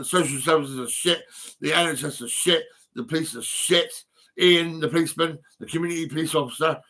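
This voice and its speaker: A man's voice: a little high, pushed and bright. An older man ranting bitterly to camera, swearing a lot and repeating himself with tag questions. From United Kingdom. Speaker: vlogger. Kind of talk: angry profane rant to camera.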